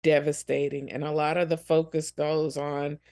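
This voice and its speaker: A woman's voice: deep voice, little pitch movement, normal speed, dark tone. A woman co-hosting a ministry podcast, speaking earnestly and compassionately about helping children through hard times. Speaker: podcast co-host. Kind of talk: reflective ministry podcast talk.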